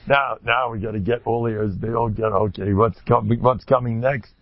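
A man giving an informal religious talk, humorous and self-mocking, who suddenly jumps to high exclamations. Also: fairly even intonation, normal speed, no room sound. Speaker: religious speaker. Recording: dull, dry lo-fi recording.

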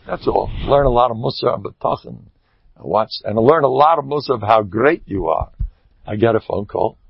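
An older rabbi with a Yiddish-inflected English accent, telling joking stories in an informal Torah talk, with sudden loud bursts. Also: male voice, medium pitch, vocal fry, slightly rough, no room sound. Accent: Orthodox Jewish Yiddish-inflected English. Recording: dull lo-fi dry recording.

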